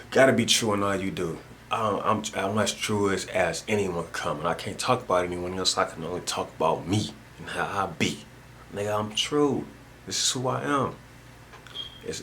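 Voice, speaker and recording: Rambling and repetitive, a man records a casual vlog monologue indoors at home, packed with street slang. His voice sits on the low side with a bit of brightness, and some hiss or hum can be heard.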